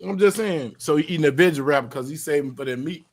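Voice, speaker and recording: A man hosting a live stream chat with a friend, teasing and joking in slang with sudden loud bursts. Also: fairly high pitch, fast talker. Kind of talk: casual banter on a live stream.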